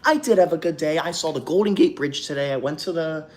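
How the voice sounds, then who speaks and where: A man's voice: fairly high pitch, fast, a little hiss or hum. A young man hosting a livestream from a hotel room, reading super chats aloud and breaking into melodramatic, indignant outbursts. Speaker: livestream host.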